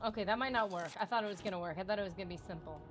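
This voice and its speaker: Faint music plays behind a woman talking rapid-fire in a mid-range voice during a casual gaming livestream. She rambles playfully and giggles, teasing her viewers and her partner.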